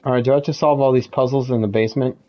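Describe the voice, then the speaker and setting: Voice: mid-range voice, steady tone, very fast, mellow. A streamer playing a horror game live, panicking, swearing nonstop and yelping between nervous laughs.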